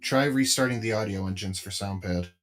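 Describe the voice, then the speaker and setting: A man co-hosting a live stream, relaxed and swearing as he gives tech advice. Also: on the low side, brisk, clear, resonant tone. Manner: laid-back, swearing, offers tech tips. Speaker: podcast co-host. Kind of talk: casual stream chat.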